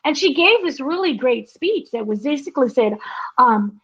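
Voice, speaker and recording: A woman's voice: high-pitched, animated, moderate pace, fairly bright tone. A woman co-hosting a casual TV review chat, talking it through and acting out lines from the show. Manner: conversational, acts out quotes from the show. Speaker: entertainment editor, co-host. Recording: dull lo-fi audio.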